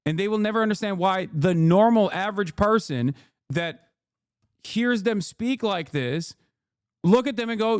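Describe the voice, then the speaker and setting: A man's voice: high voice, animated, unhurried, clear, resonant tone, no room sound, studio quality. A man streamer giving heated, profane commentary as he reacts to a clip. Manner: profane, ranting, emphatic.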